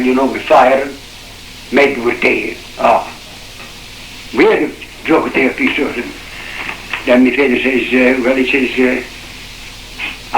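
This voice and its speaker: A man's voice: mid-range voice, fairly bright tone. An older man with a Shetland accent, telling an oral history of a fishing disaster, rambling through quoted dialogue with many "he says". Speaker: survivor telling his story. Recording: echoey old cassette tape with faint hiss.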